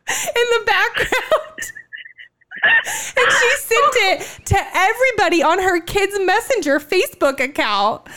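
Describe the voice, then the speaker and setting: Bright, high-voiced young woman storyteller. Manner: animated, laughing storyteller, many "like" fillers. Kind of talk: casual storytelling chat.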